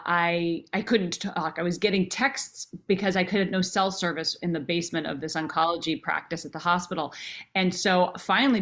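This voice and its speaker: Earnest lower-voiced woman in her forties. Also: a bit bright. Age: 40s. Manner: earnest and emotional, restarting phrases. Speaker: guest. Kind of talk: personal storytelling in a podcast interview.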